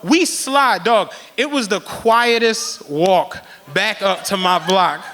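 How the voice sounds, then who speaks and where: A man hosting a podcast live on stage, telling a story with animated energy and plenty of swearing, often laughing as he talks. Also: high voice, slow pace.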